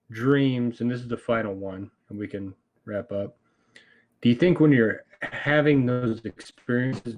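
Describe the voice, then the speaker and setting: A man in casual podcast chat, tossing in dry comments and guiding the talk. His voice sits at an average middle pitch. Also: a little mellow, poor audio. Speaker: podcast co-host.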